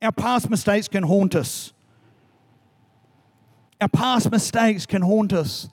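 A man's voice: high-pitched, slow, dry recording. A man preaching a sermon as a pastor, urging his listeners earnestly and repeating key phrases, then leading a prayer.

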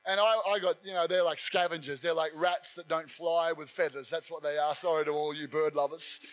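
A man preaching a sermon, telling stories with energy and building to fervent shouts. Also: a little high, fairly even intonation, a little fast. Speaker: pastor.

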